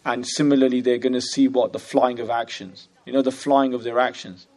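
A man's medium-pitched, slightly mellow voice holds fairly even intonation as he teaches a classical religious text conversationally. He quickly recites Arabic passages and sprinkles in frequent "you know?" and "right?" questions.

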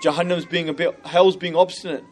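A man's voice: fairly high pitch, fairly even intonation, a little hiss or hum. Man teaching a text, chatty check-ins. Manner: conversational, constantly checks in with "you know" and "right?"; recites Arabic passages rapidly. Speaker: religious teacher. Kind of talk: explaining a classical religious text to a class.

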